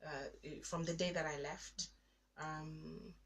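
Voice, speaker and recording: A woman's voice: sits low, steady tone, slow pace, vocal fry. A woman in her thirties sharing a personal story in an interview, getting emotional as she acts out her past prayers. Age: 30s. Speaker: guest.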